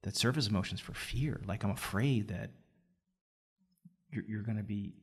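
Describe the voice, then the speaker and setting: Middle-aged male podcast host, low voice, emphatic and coaching. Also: normal speed, breathy edge. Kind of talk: conversational podcast interview.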